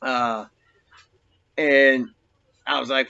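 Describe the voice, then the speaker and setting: Forceful, profane man telling a prison story. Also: medium pitch, little pitch movement, unhurried, long pauses, highs cut off. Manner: profane, rambling, streetwise slang. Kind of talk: casual storytelling monologue.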